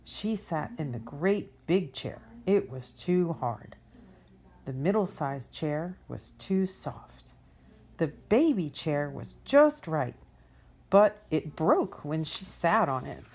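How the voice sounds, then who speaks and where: An expressive woman reads a children's story aloud. She takes her time, and her low voice moves widely up and down. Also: slow pace, a little hiss or hum.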